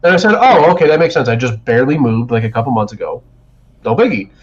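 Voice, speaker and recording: A man's voice: medium pitch, expressive, fast. A man co-hosting a podcast, telling a long profane story in a rambling way with many restarts. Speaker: podcast co-host. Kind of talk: casual chat. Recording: dull lo-fi stream audio.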